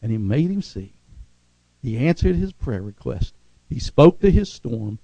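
A man preaching a sermon, calling for amens from the congregation and swinging from loud, fervent passages to quiet, lowered ones. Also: big pitch swings, measured pace, dry recording, muffled recording. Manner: call-and-response preaching, rising to shouts then dropping low. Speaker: pastor.

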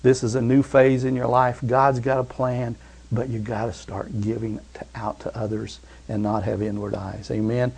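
A man preaching a sermon, emphatic, swinging from loud exclamations to hushed reassurance and calling for amens. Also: medium pitch, little pitch movement, normal speed, vocal fry, breathy edge. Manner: asks the congregation for amens.

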